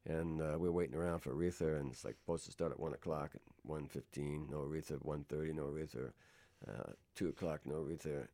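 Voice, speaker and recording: A man's voice: extremely low pitch, steady tone, quick pace, few pauses, mellow. A middle-aged man who is a guest musician on a radio show, telling loose, rambling anecdotes full of fillers. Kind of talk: radio interview storytelling.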